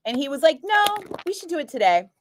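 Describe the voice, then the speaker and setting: A woman radio DJ chatting casually, telling an animated story and acting out what others said, with lots of "like" fillers. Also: high voice, fast talker, a little hiss or hum. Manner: animated, acts out quoted voices, frequent "like". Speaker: radio DJ chatting with a live stream. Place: radio studio. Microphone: studio microphone.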